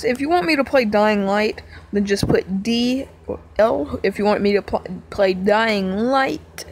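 Woman gaming vlogger, strained worn-out voice, slow and rambling, laughs at herself, faint noise behind. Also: mid-range voice, expressive. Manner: giggly, rambling, self-mocking. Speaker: gaming channel host. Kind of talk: casual talk to fans.

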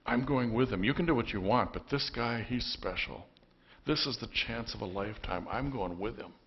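A man's voice: medium pitch, slightly rough, lo-fi sound. A man voicing Andrew, an earnest young fisherman eager to follow a new teacher. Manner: earnest, halting, excited.

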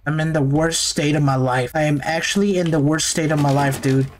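A man's voice: on the high side, steady tone, fairly quick, a little hiss or hum. A man giving nervous, jumpy commentary while playing a horror game, talking to himself. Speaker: gaming YouTuber.

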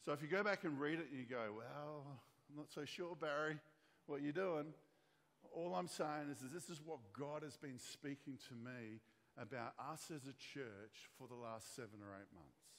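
A man's voice: medium pitch, moderate pace, a bit bright. A man preaching a sermon as pastor, retelling a story and acting out the voices of its characters. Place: church hall. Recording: long church hall reverb.

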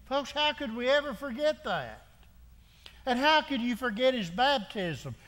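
A man's voice: very high voice, big pitch swings, a little slow, a bit bright, big-room sound. A man preaching a sermon as pastor, driving home his point with repeated rhetorical questions and frequent restarts. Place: church sanctuary.

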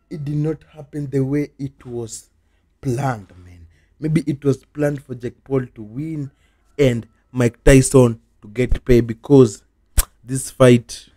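Husky-voiced man ranting on repeat. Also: mid-range voice, warm tone. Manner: repetitive, chant-like ranting. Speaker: reaction video host. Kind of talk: casual ranting reaction.

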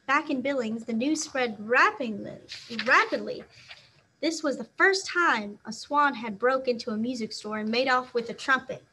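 Bright high-voiced woman reading aloud. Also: normal speed. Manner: expressive, acts out sound words. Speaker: teacher. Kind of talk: reading a children's novel aloud.

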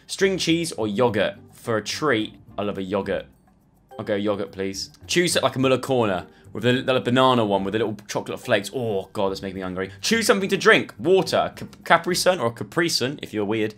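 Chatty lad doing online quizzes. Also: male voice, medium pitch, a bit bright. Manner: chatty, self-mocking, thinks aloud. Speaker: YouTuber. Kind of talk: casual commentary playing online quizzes.

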